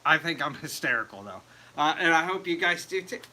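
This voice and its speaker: Chatty male livestream host, bright tense voice, slightly high, laughs at his own jokes. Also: lively intonation, fairly quick. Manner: chatty, laughs at himself, reads viewer comments aloud. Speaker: home mead maker hosting a livestream. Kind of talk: casual livestream chat. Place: home meadery.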